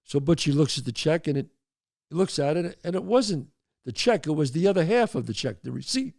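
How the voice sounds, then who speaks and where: A slightly high, brisk, creaky male voice, recorded dry with studio quality. He hosts a show, animatedly telling neighborhood stories and offering advice, addressing listeners as folks with emphatic asides.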